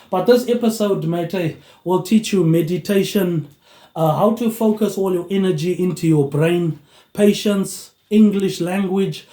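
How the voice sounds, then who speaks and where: A man's voice: sits high, warm tone. A man vlogging into a phone tablet without a microphone, rambling on and tagging his lines with a slangy "mate, eh". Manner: meandering, tags lines with "mate, eh". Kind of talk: rambling solo monologue. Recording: echoey room, no mic.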